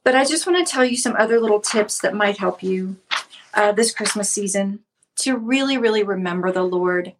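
A woman's voice: mid-range voice, lively intonation, moderate pace. Middle-aged woman giving a devotional talk. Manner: warm conversational teaching, greets viewers by name, repeats words. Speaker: Christian livestream host.

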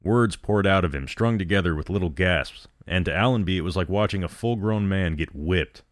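Deep-voiced man reading a story. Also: moderate pace, no echo, clean studio sound. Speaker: narrator.

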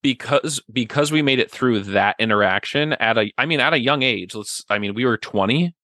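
A man's voice: medium pitch, normal speed, sharp tone, no echo. A man in a casual podcast chat, talking earnestly and at length, full of "like" and "right?". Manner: earnest, rambling, many "like" and "right?".

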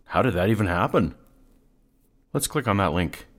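A man's voice: sits low, expressive, normal speed, a bit bright. A man hosting a podcast, giving dry, mocking commentary over video clips. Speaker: podcast host.

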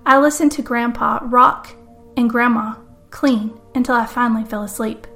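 A woman reading a murder story aloud in dramatic first-person narration, with a fairly high voice. Soft music runs under her. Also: fairly even intonation, moderate pace. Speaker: podcast host and author.

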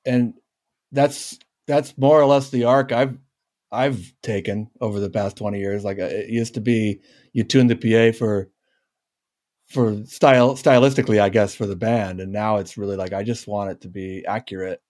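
A man's voice: fairly low pitch, moderate pace, a little mellow, no echo, studio quality. A middle-aged man, a live sound engineer with twenty years in the trade, chatting casually, joking and trailing off at the ends of phrases. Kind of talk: casual panel discussion.

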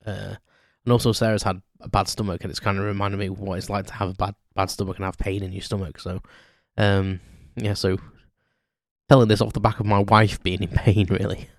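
A man's voice: on the low side, little pitch movement, brisk, no echo, clean studio sound. A man hosting a podcast, telling a story in a rambling, chatty, self-deprecating way with lots of ums. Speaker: podcast host. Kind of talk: unscripted storytelling monologue.

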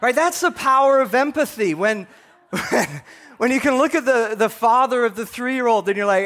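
In a church, a male pastor preaches a sermon at a moderate pace, his voice extremely high, animated and fairly bright. He tells stories and acts out dialogue, repeating words as he goes.

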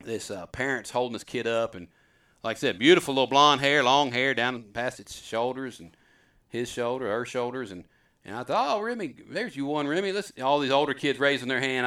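A man's voice: medium pitch, brisk, pushed and bright, recorded from a distance. A middle-aged man, hosting a show and telling stories in a rambling, self-deprecating, folksy way. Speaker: host. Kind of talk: casual storytelling chat.

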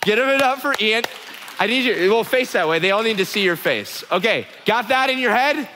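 A young adult man preaching a sermon in a conversational, animated way, teasing his listeners. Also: high-pitched, brisk, long reverb tail, a little hiss or hum. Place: church hall before a live congregation.

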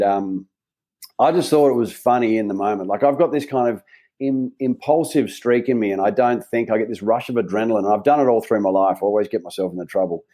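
An Australian man talks as a guest in a relaxed chat, spinning a long personal story. His voice sits low and warm, and he rambles along with frequent false starts. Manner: rambling, chatty, with frequent restarts. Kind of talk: casual anecdote in a conversation.

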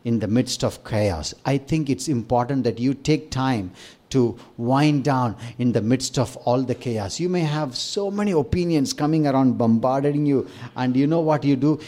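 A middle-aged pastor with a Tamil accent delivers a sermon in a relaxed, conversational manner. He stumbles through fillers and restarts, keeping his pitch at an ordinary middle level for a man. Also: moderate pace. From Tamil-speaking South India.

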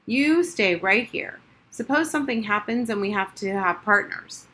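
A woman's voice: medium pitch, expressive, moderate pace, pushed and bright, slightly rough. Lady reading as a bossy defiant kid, digs her heels in. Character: stubborn, defiant young girl.

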